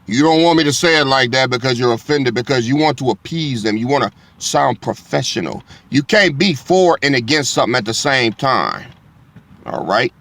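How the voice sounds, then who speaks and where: A man's voice: mid-range voice, animated, moderate pace, gravelly, fairly bright tone. A man preaching a blunt, profane sermon. He reads scripture aloud and keeps checking in with his listeners.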